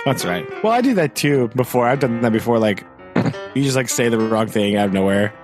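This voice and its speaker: A man's voice: medium pitch, lively intonation, fairly quick, music in the background. A man co-hosting a podcast, chatting and teasing wryly. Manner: wry teasing, swooping voice. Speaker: podcast co-host. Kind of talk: casual chat.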